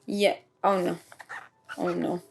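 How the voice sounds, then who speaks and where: A woman giving casual first-watch reaction commentary on an anime, excitable, gasping and exclaiming, and swearing freely. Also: lowish voice, slow pace, gravelly, slight background noise.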